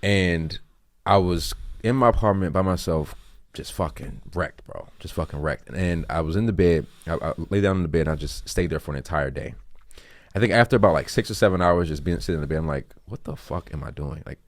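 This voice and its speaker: A male podcast host with a low voice talks quickly in a casual conversation. His delivery is frank and loose, with casual swearing, and the sound is dry and close. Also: no room sound.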